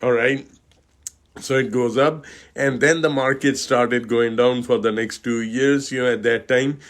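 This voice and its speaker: A man from India, a financial advisor hosting a video, explaining a chart slowly with many fillers and pauses. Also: mid-range voice, steady tone. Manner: slow, halting, many fillers.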